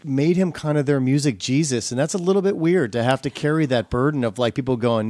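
A man's voice: medium pitch, a little fast, a little mellow, dry recording. A man hosting a podcast asks loose, rambling questions full of restarts. His voice sits in a middle register. The sound is dry and close, with no room around it. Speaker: podcast host. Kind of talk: casual chat.

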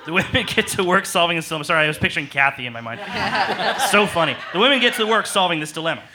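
A man narrating an improvised comedy in a deadpan style with goofy sound effects. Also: on the high side, quick pace, background noise.

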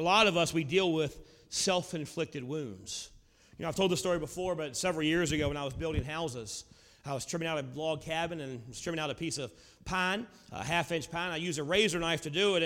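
A man preaching a sermon. He asks his listeners rhetorical questions and swings from loud, emphatic lines down to low, quiet ones. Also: long reverb tail. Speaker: pastor.

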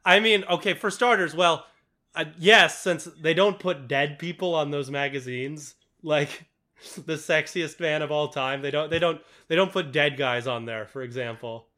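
A man's voice: on the high side, normal speed, pushed and bright. A young man chatting casually about a movie, rambling with lots of fillers and swearing. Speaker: podcast co-host.

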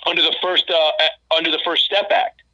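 A man in casual podcast chat, animated and indignant, swearing as he talks. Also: fairly high pitch, brisk, muffled recording. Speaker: podcast guest.

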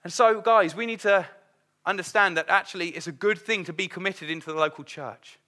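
Middle-aged man, sermon, conversational, acts out quotes; high, bright voice. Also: a little fast. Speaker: preacher.

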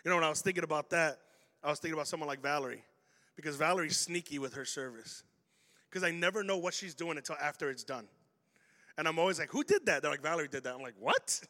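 A man's voice: on the high side, quick pace, pushed and bright. A man preaching a sermon as pastor, telling stories animatedly and acting out the voices of the people in them. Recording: hall reverb.

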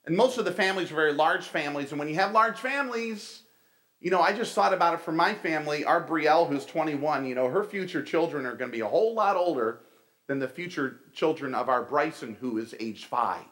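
Middle-aged guy preaching, slightly high voice, casual storytelling, calls everyone folks. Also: expressive, fairly quick, fairly bright tone. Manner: storytelling, conversational, addresses listeners as folks. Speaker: pastor. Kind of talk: sermon.

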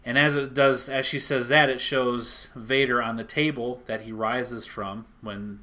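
Bright-voiced man retelling a comic story. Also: mid-range voice, a little slow. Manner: animated storyteller, acts out lines.

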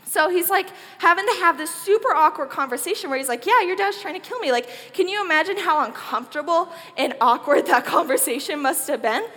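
A woman's voice: very high-pitched, long reverb tail. A woman giving a chatty, joking youth talk, retelling a Bible story casually. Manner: animated, chatty, jokey. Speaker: youth speaker.

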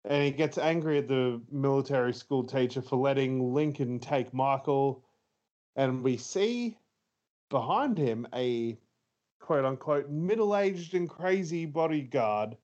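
A man co-hosting a podcast, talking slowly through a film's plot in a loose, rambling way. He pads his sentences with fillers and laughs often. The recording sounds a little dull and muffled. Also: mid-range voice, darkish tone. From Australia. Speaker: podcast co-host. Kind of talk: casual movie review chat.

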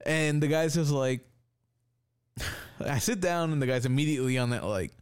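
A man's voice: mid-range voice, moderate pace, clear, resonant tone. A man telling a story in casual chat, swearing freely and acting out what people said. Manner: animated, swears a lot, acts out quotes.

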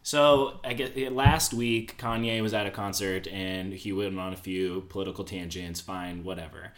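A man co-hosting a casual chat podcast, talking in a loose, rambling way. He jokes at his own expense and builds stories as he goes. The mic sounds softened, as if covered with cloth. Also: deep voice, steady tone, normal speed. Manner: chatty, rambling, self-deprecating. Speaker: podcast co-host.

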